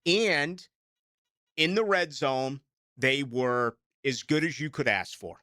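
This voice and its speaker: A man's voice: medium pitch, takes it slowly, sharp tone, no echo, clean studio sound. A middle-aged man with a Boston accent, hosting late-night sports talk radio in a rambling, self-mocking way.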